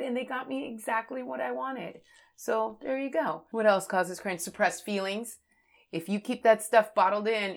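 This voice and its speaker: A woman from the United States hosting a podcast, speaking in a candid, opinionated casual monologue that swings from fired-up to soft. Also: on the low side. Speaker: podcast host.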